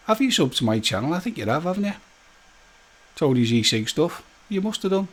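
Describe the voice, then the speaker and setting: A man's voice: on the high side, sing-song, a little fast, a bit bright. A man hosting a live stream, chatting casually and jokily with viewers and greeting them by name.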